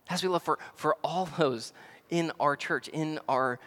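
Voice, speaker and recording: Southern guy preaching, punches words then goes quiet, restarts a lot, long echo in a church. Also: fairly high pitch, moderate pace. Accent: Southern American. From American South. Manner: emphatic, swings between loud stresses and quiet asides; repeats words as he restarts phrases. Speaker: pastor. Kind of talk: sermon.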